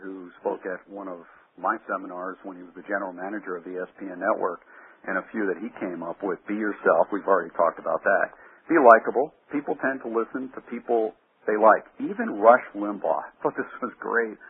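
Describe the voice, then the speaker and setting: A man's voice: fairly low pitch, husky. A man who coaches radio talk hosts, giving punchy, emphatic advice in short lines during an interview. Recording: phone-line sound.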